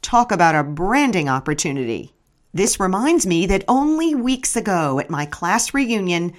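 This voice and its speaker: A middle-aged woman narrating her memoir in a wry, storytelling manner. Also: mid-range voice.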